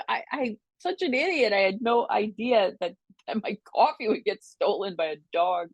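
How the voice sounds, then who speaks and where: An older woman, a podcast guest, telling casual stories in an animated way, laughing often and mimicking voices. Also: medium pitch, normal speed, husky, dry recording. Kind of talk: casual storytelling. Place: New York City.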